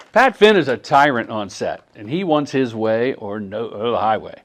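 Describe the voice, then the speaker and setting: A man's voice: medium pitch, measured pace. A middle-aged man presenting a workshop on commercial directing, answering audience questions and acting out dialogue. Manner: animated, acts out quoted dialogue in voices. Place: workshop room at a film festival.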